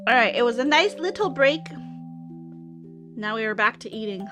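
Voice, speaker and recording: A woman's voice: fairly high pitch, lively intonation, moderate pace, over music. A woman streamer in casual chat with her viewers, talking while she eats. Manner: chatty, talks while eating.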